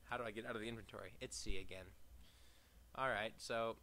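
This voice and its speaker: A young man giving casual, profane gameplay commentary, reading game text aloud with sarcastic asides and sudden loud outbursts. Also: lowish voice, steady tone, fast talker. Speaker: let's play gamer.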